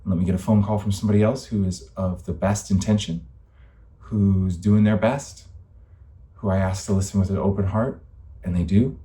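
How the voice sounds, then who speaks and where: A young man talks straight to the camera in a rambling, impassioned monologue, his voice sitting somewhat low. He speaks emphatically, drifts from point to point and swears freely as his frustration builds. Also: steady tone, normal speed, warm tone. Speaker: vlogger.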